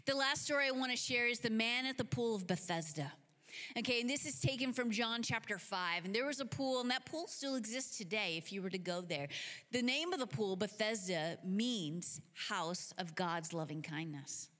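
A woman preacher telling stories in a sermon, animated and casual, with many filler words. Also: fairly high pitch, normal speed. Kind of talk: sermon storytelling. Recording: long hall reverb.

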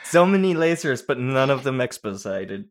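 A man's voice: mid-range voice, very animated, moderate pace. A man chatting casually on a movie podcast, telling jokey stories and slipping into put-on voices. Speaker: podcast co-host.

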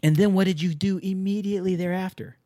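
Blunt, profane man with a mellow voice. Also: high voice, quick pace. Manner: blunt, profane, animated storytelling. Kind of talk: casual chat.

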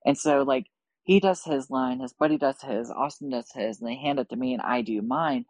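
A woman's voice: very deep voice, moderate pace, no echo, low-quality recording. A woman on a podcast over a video call, telling a story casually with lots of swearing and acted-out dialogue. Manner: profane, animated, acts out quoted dialogue. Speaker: podcast guest.

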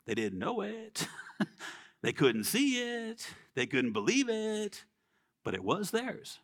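A man's voice: high-pitched, huge pitch swings, takes it slowly, a bit bright. A man preaching a sermon in a casual, conversational way, often checking in with "right?" and acting out quoted people in little voices.

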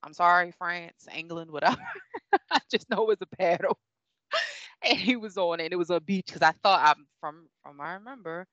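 Female reviewer, lower pitch, chatty and self-correcting; muffled, dry sound. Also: big pitch swings, moderate pace, a bit bright, no room sound. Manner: rambling, laughs often, self-correcting. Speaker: show reviewer. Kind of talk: casual review chat.

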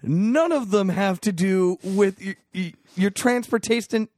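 A man in casual banter, animated and jokey, cutting in with questions. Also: high-pitched, a little slow, no room sound, studio quality. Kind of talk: casual chat.

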